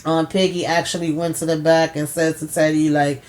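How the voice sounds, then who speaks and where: A woman casually recapping a TV episode for her viewers, animated and chatty, acting out characters' lines. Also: brisk, few pauses. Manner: animated storytelling, acts out characters' lines with pitch jumps; chatty, addresses viewers as y'all. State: tired. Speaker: TV recap host.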